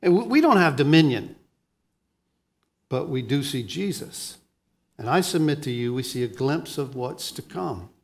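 A pastor preaching a sermon, moving between hushed lines and emphatic ones and often repeating words as he starts a thought. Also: mid-range voice, lively intonation, moderate pace, gravelly, pauses often.

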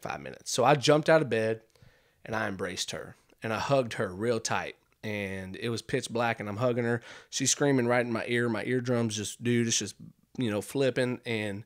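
A young man hosting a podcast, telling a long comic story in a rambling, animated way with hushed deadpan asides. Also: on the low side. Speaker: podcast host. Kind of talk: comedic storytelling monologue.

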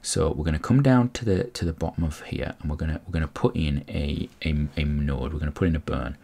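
Really deep husky guy narrating his space game, gravelly, kinda rambly, soft music behind. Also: fairly quick. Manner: rambling, explanatory, frequent restarts. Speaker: gameplay commentator. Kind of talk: casual gameplay commentary.

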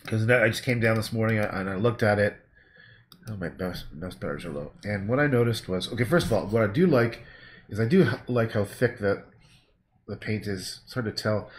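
A man's voice: on the low side, slight background noise. A man talking casually on a livestream as he paints, rambling and laid-back, swearing now and then. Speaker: painter streaming his work.

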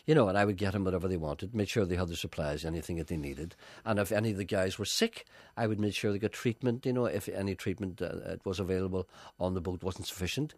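A man's voice: low voice, fast talker, hardly any pauses, dry recording. A man, presenting a radio show and telling rambling comic stories in banter with a co-host. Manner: rambling anecdotes with playful mock-indignation.

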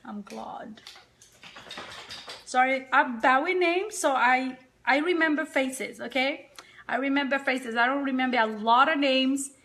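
Tired, chatty woman with a high voice. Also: moderate pace, a bit bright. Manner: chatty, rambling, talks to viewers and dog. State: tired, sleepy. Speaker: makeup vlogger. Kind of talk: casual live-stream chat. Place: home, indoors. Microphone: phone or webcam.

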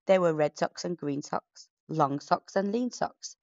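A woman reading a rhyming bedtime story in a gentle, measured, rhythmic way. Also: fairly low pitch, dry recording, highs cut off.

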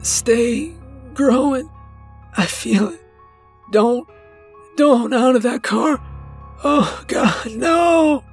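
Guy voicing a country man yelling warnings, high strained voice, slow and pained. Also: husky, faint music behind, full character voice. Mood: agonized. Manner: urgent, strained. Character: rural man, helpful then in agony.

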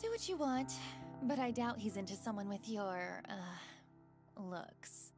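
A young woman voicing a dry, sarcastic office temp in a game, delivering cutting lines flatly. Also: mid-range voice, slow, over music. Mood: cool sarcastic. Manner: deadpan, cutting. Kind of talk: game character voice acting.

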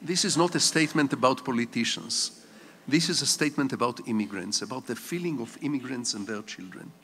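An older man delivers a public lecture from the stage of a large hall. He wanders into anecdotes and dry jokes, and his medium-pitched voice carries a long reverb through the room. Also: a little fast, fairly bright tone. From Israel. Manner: digressive storyteller with wry humor. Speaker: guest lecturer.

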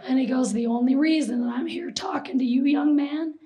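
A woman presenter telling a story to an audience, animated and acting out the quotes. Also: high-pitched, a little fast, rough recording.

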